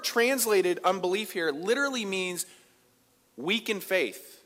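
A man preaching a sermon as pastor, conversational, moving between loud emphasis and quiet asides. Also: sits high, animated, a little slow. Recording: long reverb of a large hall.

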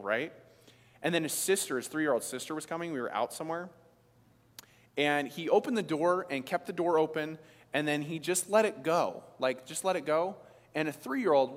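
A man, preaching a sermon in an emphatic, conversational way with frequent restarts. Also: medium pitch. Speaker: pastor. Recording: long reverb of a large hall.

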